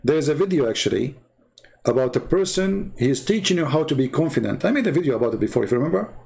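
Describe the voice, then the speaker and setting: A man's voice: on the high side, sing-song, fast talker, creaky, darkish tone. A man giving a mocking, emphatic monologue full of rhetorical questions. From Arab Middle East. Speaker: online commentator. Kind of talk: sarcastic monologue to camera.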